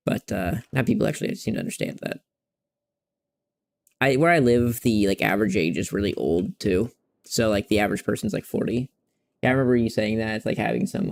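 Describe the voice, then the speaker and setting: A man's voice: medium pitch, darkish tone, a little hiss or hum. A young man in his twenties chatting casually and frankly while playing a game, rambling and swearing freely. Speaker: streamer. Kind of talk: casual gameplay chat.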